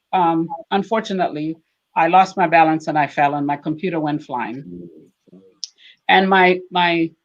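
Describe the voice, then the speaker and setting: Woman teaching over a muffled video call. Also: lowish voice. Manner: teaching, checks in with "okay?" and "right?"; lively storytelling, acting out both sides of a conversation. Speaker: marriage panel speaker. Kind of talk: church panel talk over video call.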